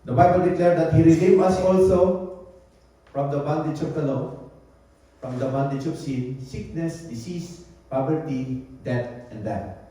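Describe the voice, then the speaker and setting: A man's voice: on the high side, unhurried, dark tone. A man preaching a sermon, repeating his points and slipping into phrases. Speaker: pastor. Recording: very echoey church hall, voice from a distance.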